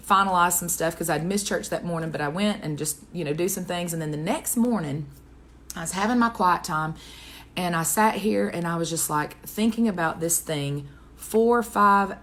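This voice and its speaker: Earnest woman sharing a devotional story. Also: lowish voice. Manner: earnest, conversational storytelling with wide swings in pace. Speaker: devotional speaker. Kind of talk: personal testimony and closing prayer.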